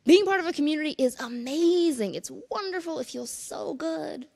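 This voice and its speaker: A woman's voice: high voice, expressive, moderate pace, vocal fry, a little mellow. A woman giving a conference keynote in an earnest, conversational way, with casual asides to the audience. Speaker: conference speaker. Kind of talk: keynote talk.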